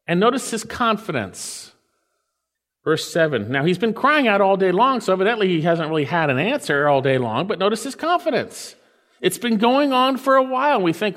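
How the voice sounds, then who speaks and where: A man preaching a sermon, reading scripture and explaining it earnestly, rising to loud emphatic peaks and dropping to hushed, slowed phrases. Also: sits high, sing-song. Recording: long hall reverb.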